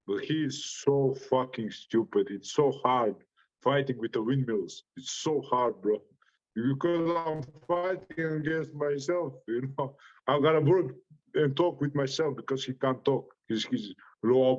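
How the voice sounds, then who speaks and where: A man's voice: mid-range voice, measured pace, muffled recording. Profane Croatian-accented man trash talking. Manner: brash, profane trash talk, laughing often. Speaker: boxer. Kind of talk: interview reaction.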